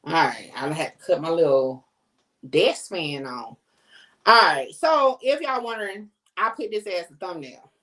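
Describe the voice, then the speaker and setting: A middle-aged woman hosting a podcast from home, talking in a blunt, slangy, animated way. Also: fairly low pitch, unhurried. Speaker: podcast host. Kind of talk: casual chat to camera.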